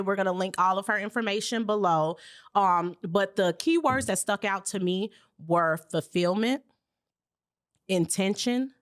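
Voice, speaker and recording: Woman podcast host, enthusiastic and affirming, slightly low voice. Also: a bit bright. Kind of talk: casual interview chat.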